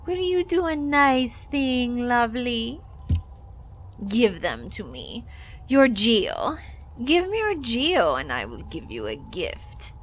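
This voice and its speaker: A woman voicing a greedy, gluttonous female bug creature in a game, drawling slow and coaxing in a sing-song way. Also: on the high side, sing-song, voice pushed up, heavily acted, poor audio. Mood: wheedling. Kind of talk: reading game dialogue aloud in a voice.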